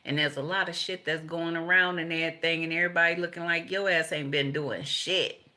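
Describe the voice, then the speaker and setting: Older woman, tarot reader, bright voice, rambling and profane, frequent laughs. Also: sits low, steady tone, fairly quick. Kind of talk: casual spiritual reading.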